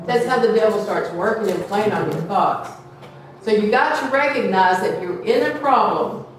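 A woman's voice: mid-range voice, moderate pace. A woman with a drawl preaches to a small church in a chatty, folksy way and slips into playful voices when she quotes gossip. She is heard from some distance, and the room rings with heavy echo over a faint hum of ambience. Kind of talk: sermon.

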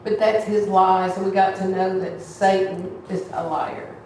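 A woman's voice: medium pitch, flat delivery, unhurried, a little mellow, far from the mic, a little hiss or hum. Earnest woman in an echoey hall. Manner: heartfelt, earnest, conversational. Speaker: church member giving testimony. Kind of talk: emotional church testimony. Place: church hall.

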